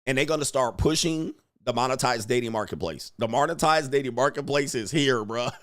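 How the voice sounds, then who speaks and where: A man ranting casually on a livestream, animated and emphatic, laughing and repeating himself for emphasis. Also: mid-range voice, moderate pace. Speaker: dating commentary streamer.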